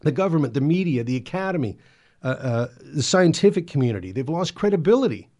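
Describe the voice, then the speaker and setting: A man's voice: on the high side, very animated, fast talker, mellow. A man giving earnest Catholic commentary, often repeating words and stumbling as he presses his point. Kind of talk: spoken commentary and exhortation.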